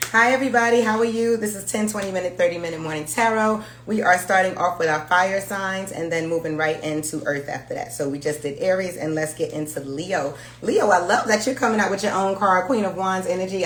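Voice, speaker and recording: A woman's voice: on the low side, roomy sound, a little hiss or hum. A woman giving a casual tarot reading, talking frankly, swearing and laughing freely. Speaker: tarot reader.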